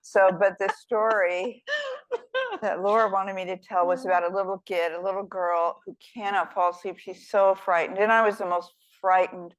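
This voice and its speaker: A woman's voice: medium pitch, steady tone, normal speed, rough recording. An older woman speaking as a guest author in an onstage conversation, her talk meandering through stories. She is self-deprecating and funny, often restarting a thought mid-sentence. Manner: warm, rambling, self-deprecating, humorous. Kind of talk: storytelling in a fireside chat.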